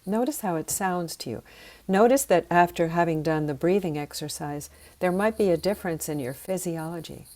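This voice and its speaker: A woman teaching sound healing, leading slow, soothing breathing and voice exercises. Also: fairly low pitch, darkish tone.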